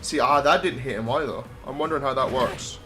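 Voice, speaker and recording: A man's voice: mid-range voice, brisk, pushed and bright, soft background music. A young Scottish man chatting casually and rambling while playing a video game. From Scotland. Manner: chatty, rambling, self-mocking. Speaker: let's play gamer. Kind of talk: casual gameplay commentary.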